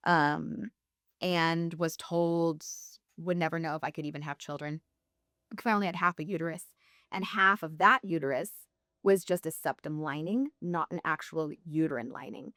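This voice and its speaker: Woman telling her faith story, low voice. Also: fairly bright tone, smooth, no room sound, clean studio sound. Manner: candid storytelling, laughs often. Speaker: podcast guest. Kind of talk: personal faith testimony.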